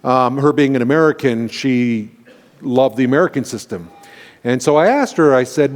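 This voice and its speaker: Canadian pastor telling stories in a reverberant hall. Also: male voice, mid-range voice, normal speed. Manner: earnest, emotional personal storytelling with frequent restarts. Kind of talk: storytelling sermon. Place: large church sanctuary.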